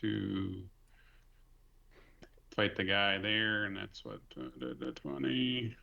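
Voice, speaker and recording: A man with a low, gravelly voice and a bright edge plans his turn out loud. He comes through a dull, lo-fi mic. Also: sing-song, takes it slowly. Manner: thinks aloud while planning his turn. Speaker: player. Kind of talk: casual tabletop play.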